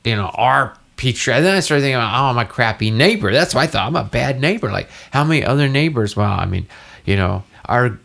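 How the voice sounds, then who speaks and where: A man's voice: medium pitch, lively intonation, fast talker, vocal fry, fairly bright tone. A man co-hosting a casual podcast, telling a rambling story and acting out the dialogue. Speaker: podcast co-host. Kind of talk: casual chat.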